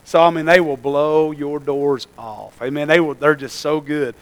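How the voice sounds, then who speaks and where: A man's voice: a little high, steady tone, normal speed, rough recording. A middle-aged man preaching and giving church announcements in a folksy, rambling way, often calling out to his congregation. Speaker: pastor.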